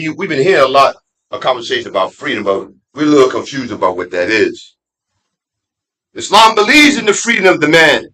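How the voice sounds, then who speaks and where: A middle-aged man, an imam giving a conversational Friday sermon with street slang, dropping to low asides and rising to loud emphatic peaks. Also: low-quality recording. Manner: street slang and laughter mixed into preaching. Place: mosque.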